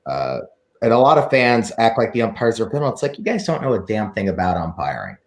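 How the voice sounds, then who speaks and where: Low-voiced man asking long questions. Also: very animated, fast. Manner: opinionated, speaks in long run-on questions. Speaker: podcast host, interviewer. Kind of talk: casual interview.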